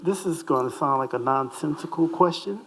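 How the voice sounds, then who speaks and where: A man's voice: a little high, fairly quick, a little hiss or hum, low-quality recording. A man in the audience who asks a question politely and hesitantly, starting with fillers. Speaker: audience member asking a question.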